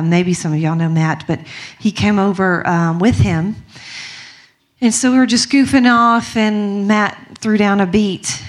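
A young woman from Mississippi with a strong Southern accent, chatting casually and giggly with lots of fillers. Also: mid-range voice. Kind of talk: casual chat to a group.

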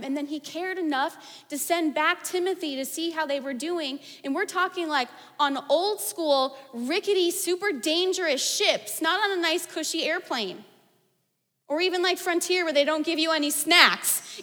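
A woman in her thirties giving a sermon, animated and conversational, telling stories with casual asides. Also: extremely high pitch. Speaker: preacher. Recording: long hall reverb.

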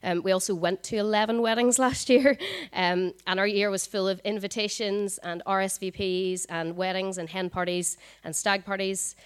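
A woman, giving a conversational sermon at a church service, talking fast with frequent ums. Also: medium pitch, fairly even intonation, smooth. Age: 20s. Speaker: preacher.

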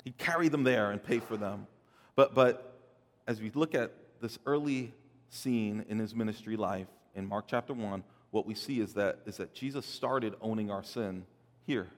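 A man preaching a sermon, swelling loud and dropping soft, often repeating words as he builds a point. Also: lowish voice, normal speed, long reverb tail. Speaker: pastor.

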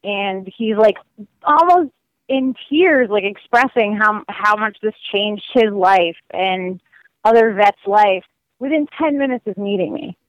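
A woman guest telling stories in a casual, lively way, full of "like" and acted quotes. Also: medium pitch, measured pace, dry recording, rough recording. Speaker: guest describing her cross-country walk. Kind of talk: casual storytelling.

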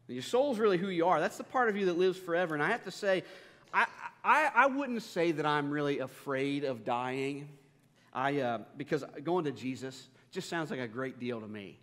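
A man's voice: fairly high pitch, normal speed, a bit bright, in a large hall. A man, a pastor, preaching a sermon with humorous, self-deprecating stories.

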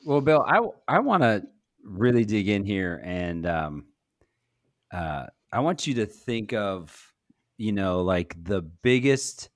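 A man co-hosting a casual podcast, asking drawn-out questions full of fillers and restarts. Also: lowish voice, sing-song, no room sound. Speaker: co-host.

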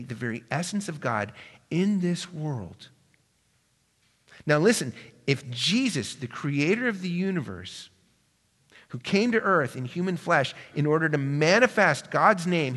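A man preaching a sermon to a congregation, swinging between hushed, reflective passages and loud, emphatic ones. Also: a little high, breathy edge. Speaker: pastor. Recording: reverberant hall.

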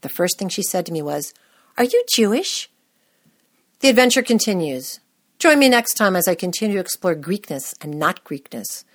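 A woman's voice: on the low side, lively intonation, fairly quick, no echo, studio quality. A woman from the United States hosting a podcast, reading a scripted personal story with wry, self-deprecating humor. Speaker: podcast host.

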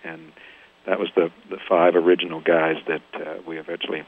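An older man from Kansas talks through a tinny phone line, his voice sitting a little low. He tells his band's story as a guest, acting out the people in it. It sounds like a radio phone interview. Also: a little fast. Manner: lively storyteller, acts out quoted voices. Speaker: band founder, guest.

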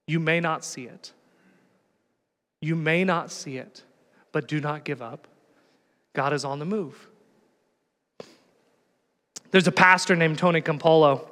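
A man pastor closing a sermon, quiet and earnest, talking conversationally. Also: a little high, slow pace, long pauses, long reverb tail.

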